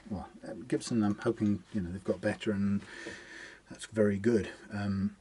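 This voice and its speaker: A man's voice: fairly low pitch, steady tone, moderate pace, mellow, a little hiss or hum. A man talking casually through a guitar setup in his workshop, rambling and muttering to himself as he works. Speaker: guitar technician. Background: guitar being plucked.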